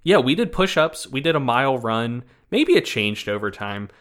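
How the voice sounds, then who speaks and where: A man co-hosting a podcast, chatting casually in an animated, rambling way with many fillers. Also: medium pitch, moderate pace. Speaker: podcast co-host. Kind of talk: casual chat.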